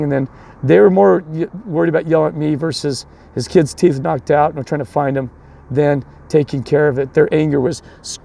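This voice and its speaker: A man's voice: on the high side, creaky, mellow. A man coaching youth baseball tells a long story in a rambling way, restarting often and acting out the other people, then turns it into a sermon. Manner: repeats and restarts a lot, voices the other people in his story.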